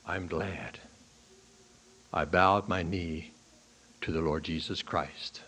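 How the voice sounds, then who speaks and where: A man preaching a sermon to a congregation in a church. He swings from hushed, low lines to loud, high bursts on key points and asks the listeners questions. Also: fairly even intonation, takes it slowly, breathy edge. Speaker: pastor. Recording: archival sermon recording.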